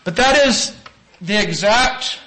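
Man, high-pitched, preaching, emphatic, slows down to stress words. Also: animated, rough recording. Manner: earnest, emphatic, with sharp rises in pitch and loudness. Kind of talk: sermon lecture.

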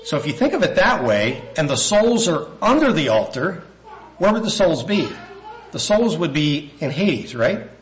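A man's voice: a little high, sing-song, normal speed, slight background noise, poor audio. A man preaching a sermon, reading scripture passages aloud and thinking aloud with restarts and asides.

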